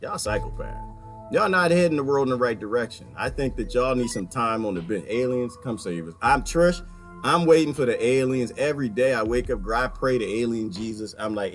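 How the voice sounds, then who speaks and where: Animated man ranting with wild pitch swings. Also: brisk, faint music behind. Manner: animated, swings between mutters and high-pitched outbursts. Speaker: vlogger. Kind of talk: ranting comedic monologue.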